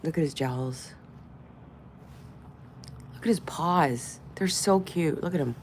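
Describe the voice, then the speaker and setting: A woman's voice: sits low, takes it slowly, a little hiss or hum. A woman hosting a casual livestream, chatty, swearing freely, cooing over small objects and sometimes dropping into a whisper. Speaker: livestream host.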